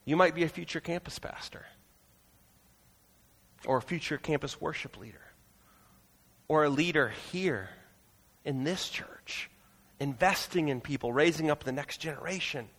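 A pastor preaching a sermon in a church auditorium, earnest and pleading, moving into prayer. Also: male voice, on the high side, normal speed, pauses often, fairly bright tone, husky, big-room sound.

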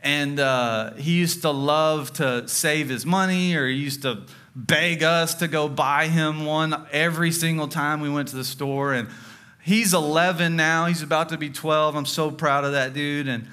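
A man in his thirties preaching a sermon, telling a family story with slow, deliberate emphasis. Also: fairly high pitch, fairly even intonation, bright, forceful tone, clean tone. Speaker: pastor. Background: music.

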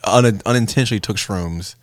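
A man chatting casually with friends, telling stories in an animated way and swearing freely. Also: lowish voice, fairly quick, dry recording. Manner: animated storyteller, swears freely, bursts into loud laughter. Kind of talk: casual chat among friends.

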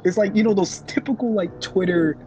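A man hosting a casual podcast chat, animated, laughing often and using lots of "like" fillers. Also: high-pitched, brisk. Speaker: podcast host. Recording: dull lo-fi podcast audio with music.

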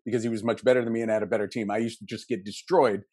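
A man from Western Pennsylvania in his fifties with a Pittsburgh accent, a podcast guest telling animated, jokey stories. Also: lowish voice, husky, no echo, clean studio sound. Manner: animated storyteller, jokey, quick asides. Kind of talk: casual podcast interview.

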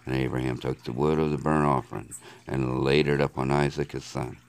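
Extremely deep-voiced man reading scripture. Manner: measured, steady reading of archaic scripture. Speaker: Bible reader.

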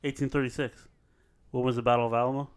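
Easygoing male quizmaster for a friends' podcast, average pitch, reads questions plainly. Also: flat delivery, fast talker, smooth. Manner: laid-back, laughing quizmaster. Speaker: quiz host. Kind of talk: casual podcast trivia.

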